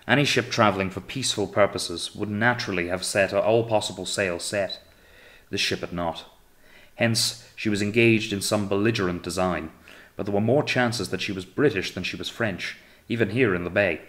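Audiobook narrator, male, low voice, measured, steady storytelling delivery. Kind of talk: scripted narration.

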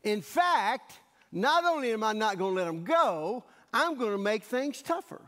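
A pastor playing a blunt, defiant Pharaoh. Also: male voice, high-pitched, very animated, a little slow, fairly bright tone, exaggerated voice. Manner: blunt, dismissive refusal. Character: stubborn, defiant ancient king Pharaoh. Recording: echoey church hall.

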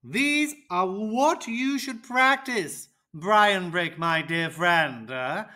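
Performer voicing a confident kids' speaking coach, teacherly, very slow, bright tone. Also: exaggerated voice. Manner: slow, deliberate, teacherly, with lively pitch. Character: cheerful, confident teacher character. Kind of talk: children's educational roleplay.

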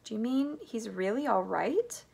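A woman voicing an eager, polite young boy in a storybook read aloud, sounding excited and wide-eyed. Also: mid-range voice, moderate pace, creaky.

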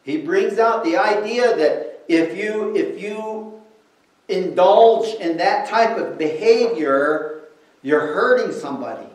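A man preaching a sermon, teaching slowly and with emphasis while switching between English and another language. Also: high-pitched. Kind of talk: bilingual sermon with interpretation. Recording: roomy and distant from the mic.

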